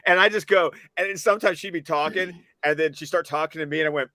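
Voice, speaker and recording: A man's voice: fairly high pitch, fast talker, pushed and bright, no room sound. Laughing, storytelling man on a dry mic. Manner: storytelling, laughs while talking. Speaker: stream panelist. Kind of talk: casual chat.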